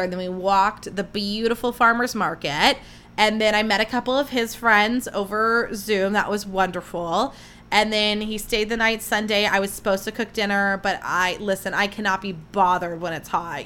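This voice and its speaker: Her medium-pitched voice has a sharp tone, with a little hiss or hum in the background. As the host of a casual solo podcast, this young woman tells chatty, gushing stories and acts out people's quotes.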